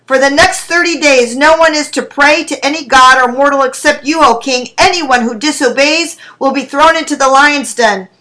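A woman preacher reading scripture aloud and praying in a sermon, slow and deliberate. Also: sits high, sharp tone, rough recording.

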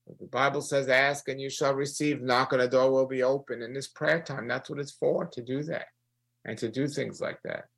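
A man leading a prayer session and preaching to listeners, earnest, repeating phrases and slowing down to stress them. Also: medium pitch, steady tone, gravelly, a bit bright, husky, rough recording. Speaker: prayer leader. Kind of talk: sermon-style prayer broadcast.

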